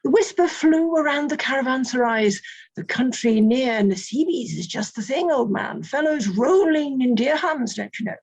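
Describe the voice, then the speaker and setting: A woman's voice: high-pitched, animated, moderate pace, darkish tone, slightly rough. A woman at a seminar reading a comic prose passage aloud in a playful, amused way.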